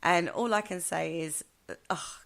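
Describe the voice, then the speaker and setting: A woman's voice: fairly low pitch, normal speed, vocal fry, fairly bright tone. A female co-host chatting on a live show, giggly and enthusiastic.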